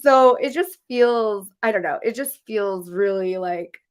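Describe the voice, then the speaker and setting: A woman co-hosting a live podcast, speaking in an unhurried way, trailing off with filler words and laughs. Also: medium pitch, clear, resonant tone. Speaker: podcast co-host. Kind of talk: casual live podcast chat.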